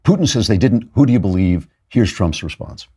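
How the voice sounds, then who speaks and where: A male host delivers political commentary in a sardonic, animated rush, often breaking off and restarting. His voice is a little husky, and his pitch swings widely as he mocks and explains. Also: brisk.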